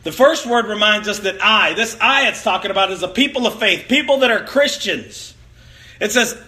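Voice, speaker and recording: A man's voice: high voice, animated, normal speed, pushed and bright. A man preaching a sermon, telling playful stories and acting out quotes with big jumps in his voice. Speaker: pastor.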